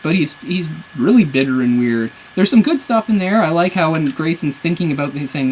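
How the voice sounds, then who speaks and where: A man's voice: a little high, expressive, fairly quick, few pauses, a little mellow, a little hiss or hum, rough recording. A man reviewing a comic book on camera, rambling in an exasperated, sarcastic way. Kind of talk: casual video review.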